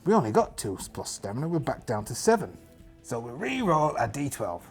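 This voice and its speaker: A man talks through a solo tabletop game, joking at his own expense. His voice is husky and swings widely in pitch. Faint music plays under him. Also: sing-song, a little fast. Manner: chatty, self-mocking asides, jumping pitch. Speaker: solo game player and narrator.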